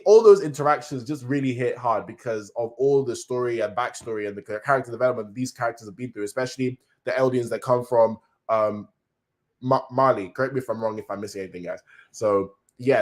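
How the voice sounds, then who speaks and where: A man giving a casual live-stream review, excitable and slangy, rambling with many restarts and now and then jumping into high cries when moved. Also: a little fast.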